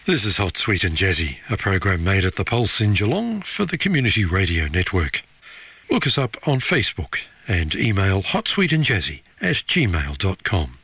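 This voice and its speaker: A man presenting a community radio jazz program from a studio, back-announcing tracks in a relaxed, conversational way. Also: on the low side, gravelly, slightly rough, no room sound. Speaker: radio host. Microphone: studio microphone.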